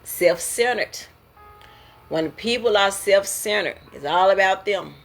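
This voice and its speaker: Husky-voiced woman talking straight. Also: medium pitch, lively intonation, measured pace, soft background music. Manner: preachy, laughing, conversational. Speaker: host. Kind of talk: casual talk on emotions.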